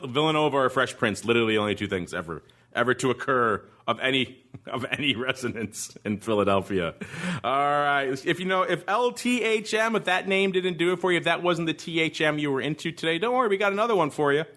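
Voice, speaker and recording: A man's voice: a little high, fast talker. Jokey male podcast host. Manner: jokey, rambling, animated. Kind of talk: casual market commentary.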